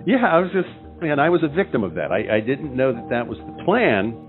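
A man's voice: mid-range voice, sing-song, fairly quick. A man with a mid-range voice tells a meandering comic anecdote, circling back with asides and restarts. His voice is narrow and phone-like, with faint music behind. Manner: meandering, full of 'you know' and restarts. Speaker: comedy podcast co-host. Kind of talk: rambling comedic anecdote.

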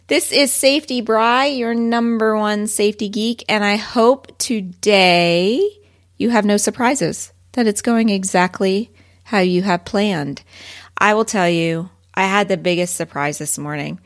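A woman in her forties hosting her own podcast, telling a story in a chatty, animated way and laughing often. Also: medium pitch, unhurried. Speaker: podcast host. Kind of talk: casual solo podcast talk.

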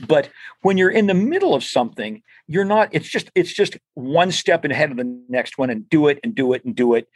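Brisk and animated, this older male interview guest has a slightly high voice and a recording free of room sound. He tells casual stories that ramble, repeating words and restarting often.

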